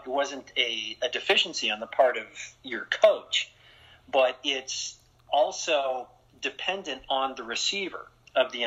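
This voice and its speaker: A man who works as a strength and conditioning coach, a guest in an interview, explaining his views in a measured way. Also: mid-range voice, bright, forceful tone, husky. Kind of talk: interview conversation. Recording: dull lo-fi sound.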